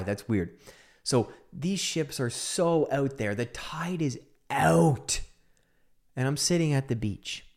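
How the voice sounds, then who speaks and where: A man telling a personal story into a microphone, shifting between hushed whispers and emphatic outbursts. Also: medium pitch. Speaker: speaker on mental health.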